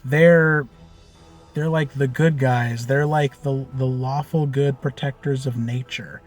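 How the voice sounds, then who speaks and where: A man telling the story of a tabletop game he ran as game master, in a loose, animated way with lots of fillers and casual swearing. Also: medium pitch, slow pace, soft background music.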